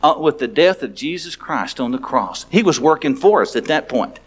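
A pastor preaches to his congregation in a plain, frank, conversational way. His voice sits high for a man. He often stumbles and restarts his sentences as he talks. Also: lively intonation, normal speed, slight background noise. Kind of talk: sermon.

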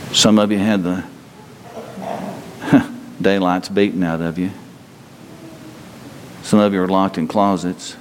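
A man preaching a sermon to a congregation, telling stories in an animated way and moving between loud bursts and quieter stretches. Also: low voice, slow pace, long pauses, a little hiss or hum. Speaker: pastor. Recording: long hall reverb.

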